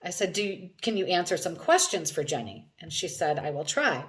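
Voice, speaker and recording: A woman's voice: lowish voice, expressive, brisk. Woman retelling a hypnosis session. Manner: retells dialogue with many "I said, she said". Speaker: hypnosis practitioner. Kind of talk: recounting a session.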